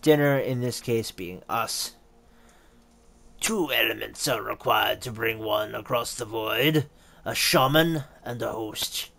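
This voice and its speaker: A man voicing a sly, theatrical painted elf who lectures in a measured, wry way in a tabletop game. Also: mid-range voice, creaky, fairly bright tone, exaggerated voice.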